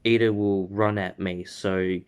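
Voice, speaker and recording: A man voicing a calm, determined young male hero who speaks quietly and earnestly. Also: sits low, unhurried, clean tone.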